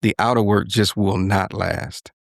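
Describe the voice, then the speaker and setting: A low-pitched man talking through ideas as a podcast co-host, earnest and unhurried in tone, tagging his points with "right?" and "you know". His voice sounds dry and close, with no room echo. It fits a relaxed conversation with a co-host. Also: gravelly. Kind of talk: reflective casual conversation.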